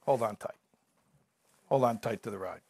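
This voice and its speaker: A man giving a measured, reflective talk about recovery, mixing in stories and jokes. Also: lowish voice, gravelly, a little mellow. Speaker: recovery speaker.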